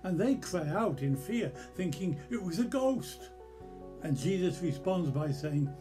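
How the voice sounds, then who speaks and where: A man with a British accent giving a measured, reflective devotional sermon as a church pastor. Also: high-pitched, lively intonation, over music. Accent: British English. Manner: slow, measured, reflective delivery.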